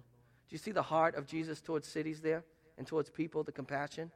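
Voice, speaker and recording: A man pastor preaching a sermon, swinging between loud emphatic rises and soft hushed lines. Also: fairly high pitch, level tone, fairly quick. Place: church sanctuary.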